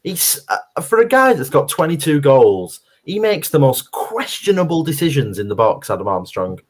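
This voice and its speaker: A man co-hosting a live football fan watchalong, reacting excitedly to the play and chatting with his co-hosts. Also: fairly high pitch, moderate pace. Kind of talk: live match commentary chat.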